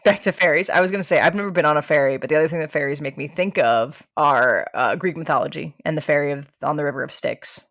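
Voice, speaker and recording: A woman's voice: low-pitched, fast talker, hardly any pauses, dry recording, clean studio sound. A woman co-hosting a podcast in casual chat, telling stories animatedly and acting out the voices of the people in them. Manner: animated storyteller, acts out quoted voices. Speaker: podcast co-host.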